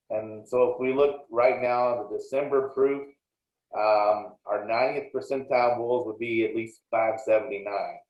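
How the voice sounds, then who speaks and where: A man's voice: medium pitch, a little mellow. Guy lecturing off slides, plainspoken, bit of restarting, echoey room, kinda dull sound. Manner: plainspoken and explanatory, with frequent small restarts. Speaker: dairy extension lecturer.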